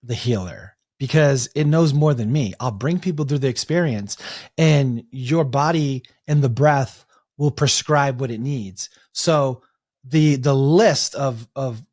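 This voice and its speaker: Animated storytelling man, dry sound. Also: mid-range voice, measured pace, no room sound. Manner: animated storyteller, restarts and acts out quotes. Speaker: guest, breathwork coach. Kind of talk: storytelling in an interview.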